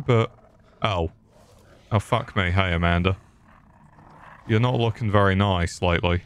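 A man's voice: lowish voice, slow. A young man doing comedic let's play commentary, sarcastic and swearing, cracking jokes at the game's characters. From England. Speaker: gaming youtuber.

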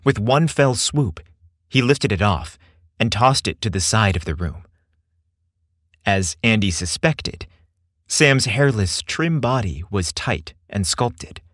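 Low, lively male story narrator. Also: slow, no echo, studio quality. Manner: expressive storytelling. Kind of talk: scripted narration.

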